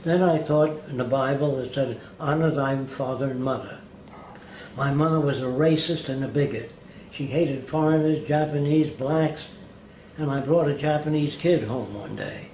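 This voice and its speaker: Mid-range in voice and normal in speed, a male interview guest tells anecdotes, playing the parts of those he quotes in a lively way. An echoey room and faint hiss are audible.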